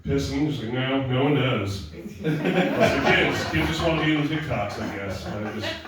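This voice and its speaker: On a comedy club stage, a young man delivers crude, rambling, self-mocking stand-up to a crowd heard in the background. He speaks a little fast with an expressive, medium-pitched voice, captured from a distance in a noisy, echoey room.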